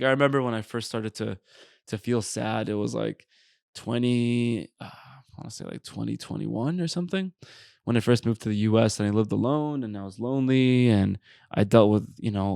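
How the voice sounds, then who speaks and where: Gravelly guy rambling on his solo podcast, swears casually, says like a lot, dry room. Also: lowish voice, darkish tone, no room sound. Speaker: podcast host. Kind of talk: solo spiritual podcast monologue.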